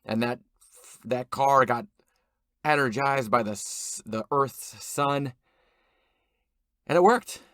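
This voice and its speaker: A man, an actor and guest, telling an absurd comedic story in a rambling, deadpan way with fillers and restarts. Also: medium pitch, slow.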